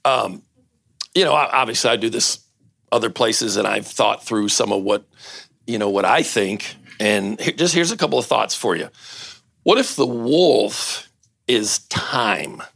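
Older male pastor, gravelly voice, playful storyteller who jokes with the crowd. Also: lowish voice, moderate pace, no echo. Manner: lively storyteller, banters and laughs with the audience. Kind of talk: casual sermon with a read-aloud story.

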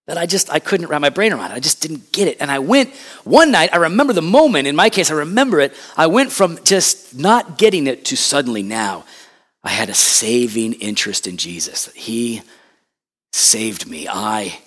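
A man preaching a sermon, impassioned and conversational, with loud emphatic peaks and quick asides. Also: fairly high pitch, lively intonation. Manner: conversational asides and acted quotes. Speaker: pastor.

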